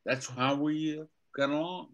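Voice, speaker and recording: An older man, a veteran voice actor and teacher, telling animated anecdotes as an interview guest. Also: on the high side, moderate pace, highs cut off. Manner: animated anecdotes, acts out quotes. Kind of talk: casual interview storytelling.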